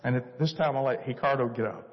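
An older man, a missionary speaker, telling a church story earnestly with many pauses. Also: medium pitch. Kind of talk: church talk. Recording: echoey church hall, dull lo-fi sound.

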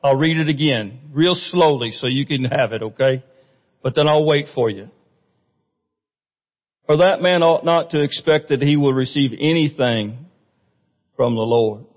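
This preacher talks with his congregation rather than at them, frequently asking them questions during his sermon in a church sanctuary. His mid-range voice is unhurried, with long pauses, and the audio sounds muffled under long reverb.

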